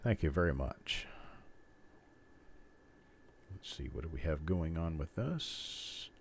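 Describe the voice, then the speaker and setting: A man's voice: a bass voice, lively intonation, takes it slowly, vocal fry, a little hiss or hum. A middle-aged man hosting a coin roll hunting livestream, rambling and joking as he goes, chuckling often. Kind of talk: casual live-stream chat.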